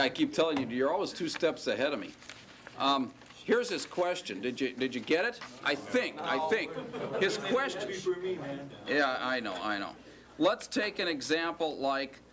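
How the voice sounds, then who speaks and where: A man teaching a classroom lecture, explaining step by step, often checking with "right?" and gently teasing his students. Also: a little high.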